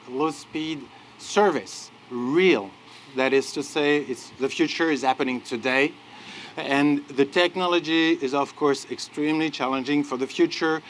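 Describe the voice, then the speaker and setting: A man with a French accent speaks at a podium, his voice pitched a little high for a man. He talks in an earnest, halting way with restarts. Faint outdoor noise and passing vehicles sit behind him. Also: fairly bright tone. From France. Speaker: company executive speaking at a launch. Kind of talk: press conference speech. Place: outdoor launch event.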